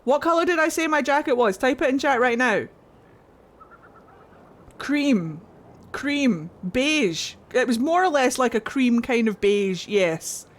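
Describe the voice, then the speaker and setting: A woman streamer in casual chat, swearing freely as she tells an animated story. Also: sits high, slow pace.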